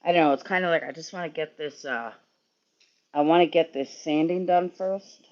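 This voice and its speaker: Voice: mid-range voice, moderate pace, darkish tone, lo-fi sound. A sleepy, yawning streamer rambling and swearing in casual chat with viewers while working in a garage. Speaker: livestreamer.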